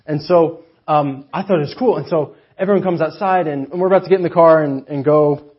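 Male preacher, husky voice, fairly high pitch, lively self-mocking storytelling, dull lo-fi church recording. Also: a little fast. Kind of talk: storytelling sermon. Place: church chapel.

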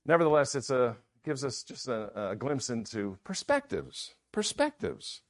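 A man's voice: mid-range voice, expressive, normal speed. A man preaching a sermon in an earnest manner, often repeating key phrases.

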